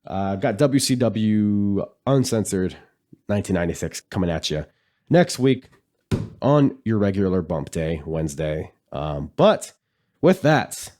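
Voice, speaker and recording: A man hosting a casual solo podcast, rambling easily with many fillers, his voice nasal and raspy as if congested. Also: low voice, big pitch swings, a little slow, a little mellow. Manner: rambling, easygoing, lots of fillers. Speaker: podcast host.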